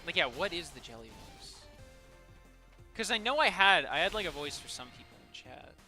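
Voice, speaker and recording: A man's voice: fairly high pitch, big pitch swings, normal speed, pushed and bright, soft background music. A man streaming a video game, casually chatting with viewers, swearing and laughing often. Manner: swears a lot, laughs often, banters with chat. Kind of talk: casual gaming stream chat.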